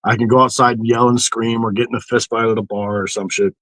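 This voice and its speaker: A man's voice: mid-range voice, fast, dry recording, low-quality recording. A man in casual podcast chat, swearing freely and acting out voices as he tells stories. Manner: profane, animated storytelling with mocking inner voices.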